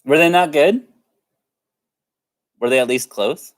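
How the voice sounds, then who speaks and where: A man's voice: fairly high pitch, slow. A man casually chatting with viewers on a live stream, playful and chatty, often breaking into giggles. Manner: giggly, keeps breaking into laughter.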